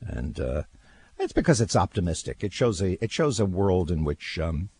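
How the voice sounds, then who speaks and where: An older man hosting talk radio, telling stories in casual chat with a husky voice and lots of repeated words. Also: low-pitched, moderate pace, slight background noise. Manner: animated storyteller, repeats words, laughs.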